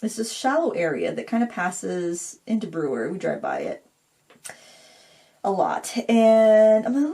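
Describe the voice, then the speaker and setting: A woman's voice: lowish voice, very animated, measured pace, dark tone. A middle-aged woman hosting a painting tutorial, rambling in a self-deprecating way as she talks to viewers while she works. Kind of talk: casual chatty painting tutorial.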